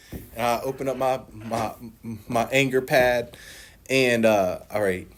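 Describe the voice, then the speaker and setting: Slow and mid-range in pitch, a man in his forties gives a personal share at a recovery meeting. His storytelling is profane and lively, with frequent laughs and dramatized quotes of others.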